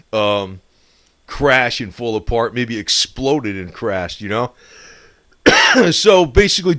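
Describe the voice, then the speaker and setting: A man's voice: medium pitch, fairly bright tone, dry recording. A man in a rambling, profane casual monologue, laughing often and talking with loose scorn. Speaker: political commentator.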